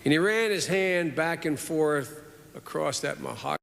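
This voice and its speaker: A man in his sixties giving a formal eulogy in a measured, earnest way with repeated phrases, in a large hall at a funeral. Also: a little high, gravelly, fairly bright tone. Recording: reverberant hall.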